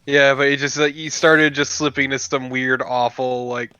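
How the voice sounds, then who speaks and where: A man riffing beside a friend on a live game stream, teasing and jokey. His voice is mid-pitched and bright with a sharp edge. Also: level tone, moderate pace, clear, resonant tone, no room sound, dull audio. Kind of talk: casual live-stream banter.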